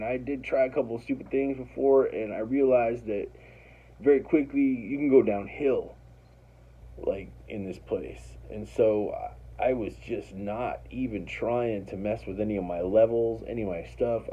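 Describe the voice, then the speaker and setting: A man's voice: mid-range voice, normal speed, breathy edge, muffled recording. A man casually telling a personal story, rambling and profane, acting out what others said. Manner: rambling, profane, animated retelling with quoted voices.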